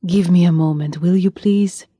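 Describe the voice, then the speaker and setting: A woman doing a low, stern young prince weighed down by guilt, warm dark tone, audiobook. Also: fairly even intonation, moderate pace, breathy edge, no room sound. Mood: brooding. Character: brooding young male prince, guilt-ridden.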